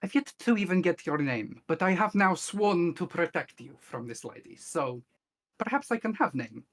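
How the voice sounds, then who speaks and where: A man's voice: high-pitched, animated. Man playing a big solemn warrior. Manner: slow, formal, threatening. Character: big protective male warrior, slow and solemn.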